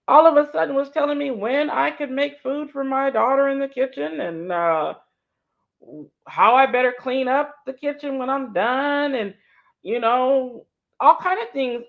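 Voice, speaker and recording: Animated storytelling woman, slightly high. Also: gravelly. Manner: emphatic, repeats key points, acts out quoted dialogue. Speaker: co-host sharing a personal story. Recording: dull lo-fi sound.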